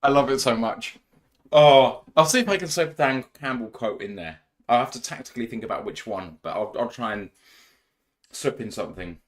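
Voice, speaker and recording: In a laid-back live podcast chat, the young male host cracks self-deprecating jokes and laughs often. His voice is mid-range, and his pace is moderate.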